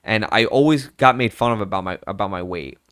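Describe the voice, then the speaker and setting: A man's voice: lowish voice, a little fast, a bit bright, clean tone, dry recording, clean studio sound. A young man vlogging in a candid, rambling way, full of fillers and quoted thoughts. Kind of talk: personal casual chat.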